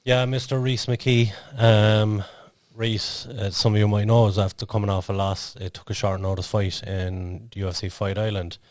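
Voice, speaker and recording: A man's voice: lowish voice, little pitch movement, normal speed, few pauses, darkish tone, dry recording, clean studio sound. A man co-hosting a podcast, chatting casually in a rambling way with lots of fillers. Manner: rambling, filler-heavy storytelling. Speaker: podcast co-host and interviewer.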